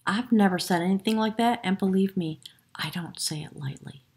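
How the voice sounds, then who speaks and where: A woman giving a spiritual tarot reading to camera, effusive and emotional, often dropping her voice to a hushed whisper. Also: medium pitch, moderate pace. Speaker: tarot reader.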